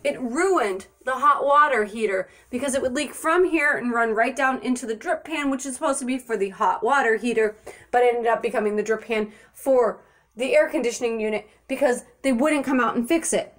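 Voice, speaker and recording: A woman's voice: a little high, normal speed. A young woman ranting to camera in her apartment, profane, blunt and exasperated, filming on a handheld phone. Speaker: vlogger. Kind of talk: angry rant to camera.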